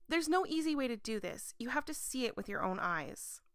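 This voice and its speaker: A game player voicing a secretive female leader of a cooperative, speaking softly and apologetically in a raised voice. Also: medium pitch, sing-song, moderate pace, smooth, dry recording, studio quality, voice pushed up. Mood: apologetic. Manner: soft, apologetic, hushed.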